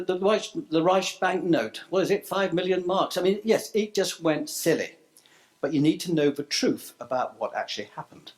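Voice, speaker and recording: Man giving a conference speech. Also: a little high. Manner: reads a list of proposals, then ad-libs with stumbles and asides. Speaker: conference speaker. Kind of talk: prepared speech to a live audience. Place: conference room.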